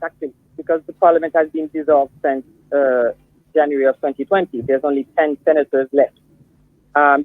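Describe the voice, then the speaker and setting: A woman's voice: low-pitched, no echo. Woman explaining over a tinny phone line. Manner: measured, explanatory, with frequent fillers. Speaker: guest commentator. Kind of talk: phone-in discussion.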